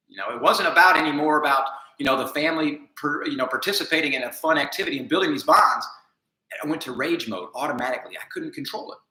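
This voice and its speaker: A man telling a personal story in an earnest, self-critical monologue, going from quiet and subdued to emphatic. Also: fairly high pitch. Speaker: vlogger. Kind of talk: confessional monologue. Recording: echoey room.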